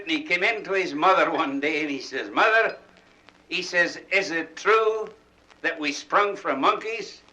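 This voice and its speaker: Bright-voiced Scottish joke teller. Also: male voice, high voice, poor audio. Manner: chuckling, folksy storytelling in dialect. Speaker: comedian. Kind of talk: telling jokes to a party crowd.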